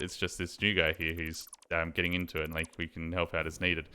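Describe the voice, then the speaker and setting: A man's voice: sits low, little pitch movement, a little fast, pushed and bright, clean tone. A young man streaming a game, chatting casually and telling a rambling story with lots of fillers and swearing. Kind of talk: casual chat while gaming.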